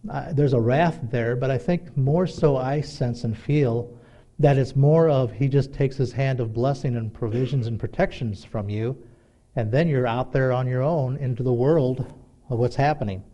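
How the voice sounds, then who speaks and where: A middle-aged man preaching a sermon in a conversational, animated way, acting out little dialogues. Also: medium pitch, moderate pace. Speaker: pastor.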